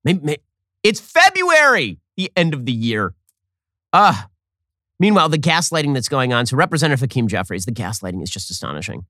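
A man hosting a political commentary show, delivering a fast, sarcastic, exasperated monologue. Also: mid-range voice, animated, a bit bright, no echo, studio quality.

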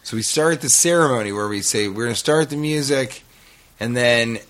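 A man's voice: medium pitch, moderate pace. Rambling man telling a story. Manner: rambling, animated storytelling with laughs. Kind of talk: casual podcast chat.

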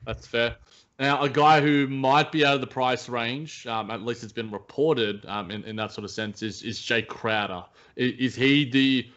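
Male podcast co-host, halting casual sports talk, muffled lo-fi audio. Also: mid-range voice, fairly bright tone. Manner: hesitant, many restarts and fillers. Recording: dull lo-fi sound.

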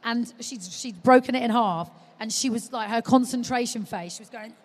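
Lively woman telling stories. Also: a little high, normal speed. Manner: animated storytelling, acting out quotes. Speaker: guest, mother of a baby. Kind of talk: live podcast chat. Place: live stage at a large exhibition hall. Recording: long reverb of a large hall.

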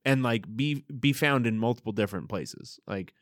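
A man's voice: medium pitch, normal speed, dry recording, clean studio sound. A man co-hosting a podcast in casual chat, joking as he reads out a list of fan favorites. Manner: joking, mock-grand listing of fan favorites. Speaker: podcast co-host.

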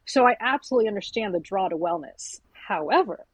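A woman's voice: medium pitch, fairly quick, breathy edge, no room sound, rough recording. A woman author talking candidly in an interview, telling stories and acting out quoted remarks. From South Asian family. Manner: candid, animated storytelling with quoted asides. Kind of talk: conversational interview.

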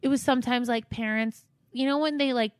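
Swearing, animated podcast co-host woman. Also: fairly high pitch, a little fast, clear, resonant tone, no room sound, studio quality. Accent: New Jersey. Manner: emotional, swears freely, animated storytelling. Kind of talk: casual podcast chat.

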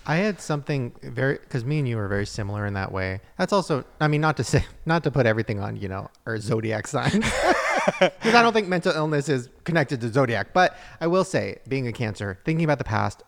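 A man's voice: mid-range voice, big pitch swings, a little fast, gravelly, hardly any pauses, in a large hall. A man on a casual podcast, effusive and playful, reacting dramatically to friends. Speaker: podcast host.

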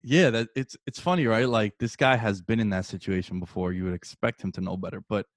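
A man in his early thirties hosting a casual sports chat, telling stories with animated energy, swearing and calling his co-host dude. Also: lowish voice, fairly quick, no room sound, clean studio sound.

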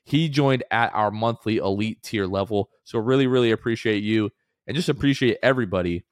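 A man's voice: on the low side, fairly quick, no echo, clean studio sound. A man co-hosting a casual sports podcast, talking in an upbeat, rambling way with many fillers. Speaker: podcast co-host.

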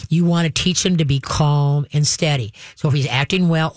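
Woman dog-training host, brisk and practical, demonstrates commands calmly, dry close recording. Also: low-pitched, no echo. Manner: direct, instructive, acts out calm dog commands; frequent checks like "okay?" and "all right?". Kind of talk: casual advice to a caller.

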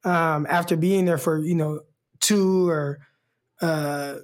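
A man's voice: a little high, steady tone, slow. A man from California co-hosting a sports podcast, chatting in an easygoing way and repeating words. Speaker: podcast co-host, former football player. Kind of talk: casual sports podcast chat.

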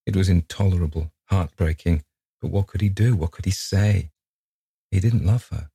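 A man narrates a ghost story in a measured, grave way, with a very deep, gravelly voice. His tone is dark and very husky, and the recording is close and dry. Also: no room sound. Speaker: audiobook narrator.

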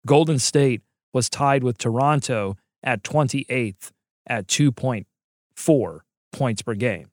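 A man co-hosting a sports podcast in an animated, joking way. His voice sits at an ordinary pitch and swings up into bursts of excitement. The sound is close and dry. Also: no room sound. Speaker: podcast co-host. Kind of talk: casual sports podcast chat.

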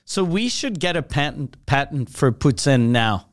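High, lively sarcastic man. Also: normal speed, dry recording. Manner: sarcastic, laughs often. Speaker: podcast co-host. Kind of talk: casual joking banter.

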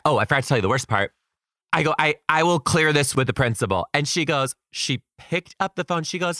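Brief: young male teacher, bright lively voice, dry close sound, emphatic storyteller. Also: on the high side, brisk, no room sound. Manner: animated, emphatic, quotes people dramatically. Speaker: teacher giving career advice. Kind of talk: storytelling advice monologue.

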